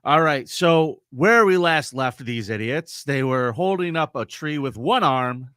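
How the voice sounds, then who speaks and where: A man's voice: medium pitch, expressive, measured pace, fairly bright tone, smooth, no echo. A man co-hosting a casual livestream, reading viewer comments aloud and teasing his partner. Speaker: co-host.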